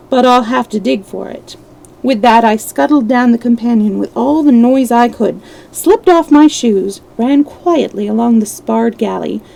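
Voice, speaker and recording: Gravelly woman reading a story aloud. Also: fairly high pitch, rough recording. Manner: steady, measured reading with small slips. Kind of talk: reading a novel aloud on a live stream.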